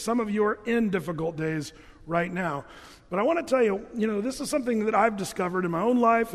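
A man's voice: sits high, in a large hall. A man pastor preaching a sermon, telling Bible stories in a casual, humorous way. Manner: conversational, humorous storytelling preacher.

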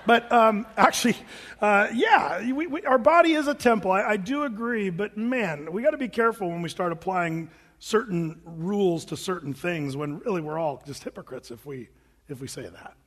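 Joking high-voiced pastor in an echoey hall. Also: male voice, expressive, moderate pace, a bit bright. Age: 40s. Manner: joking, conversational, self-mocking. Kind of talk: humorous storytelling sermon.

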